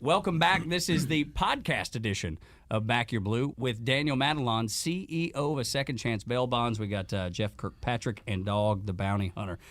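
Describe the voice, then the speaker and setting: A man's voice: mid-range voice, normal speed, a bit bright, no room sound. A man hosting a podcast interview in a studio, chatting casually and joking with laughs. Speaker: podcast host. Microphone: studio mic.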